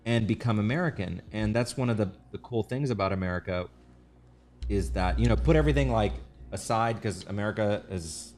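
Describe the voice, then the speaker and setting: A man's voice: lowish voice, a little fast, darkish tone. A man hosting an art livestream, chatting in a rambling way, restarting his sentences and thanking viewers. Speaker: livestream artist host. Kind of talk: casual livestream chat.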